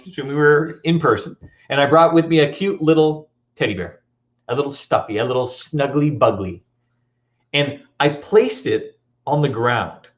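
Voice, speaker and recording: Animated, playful male storyteller. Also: fairly high pitch, lo-fi sound. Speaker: motivational speaker. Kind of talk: motivational talk with comic stories.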